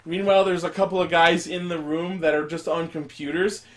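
A man's voice: on the high side, a little fast. A man casually recapping a show episode, rambling and swearing, acting out quoted lines. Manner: rambling, profane, animated retelling with quoted voices. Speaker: podcast host recapping an episode. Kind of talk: casual chat.

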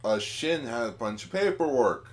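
A man's voice: medium pitch, expressive, normal speed. A man co-hosting a podcast, chatting casually about a TV episode and jumping in with asides and jokes. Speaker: podcast co-host. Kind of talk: casual chat recapping a TV episode.

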